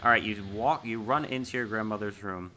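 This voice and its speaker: A man running a tabletop horror game as game master, relaxed, often asking the players what they do. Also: lowish voice, brisk, a little hiss or hum. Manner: relaxed, asks players questions, fillers.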